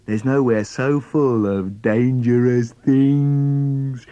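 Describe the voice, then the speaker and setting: Animated man telling children's poems. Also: medium pitch, slow, no echo, muffled recording. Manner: animated, theatrical, gasps and whispers for suspense. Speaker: children's poet performing his poems. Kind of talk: dramatic storytelling reading for children.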